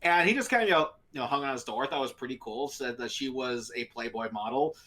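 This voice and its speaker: A man's voice: mid-range voice, fast, pushed and bright. Rambling, laughing male podcast co-host. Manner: rambling, laughing, many fillers. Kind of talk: casual storytelling chat.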